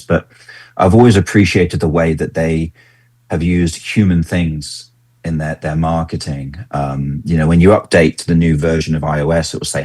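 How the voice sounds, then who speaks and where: A man talking in a casual podcast interview as a guest consultant, lively and animated when he acts out what people say. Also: rumbling low, breathy edge, no room sound. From Britain. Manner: enthusiastic, animated when acting out quotes.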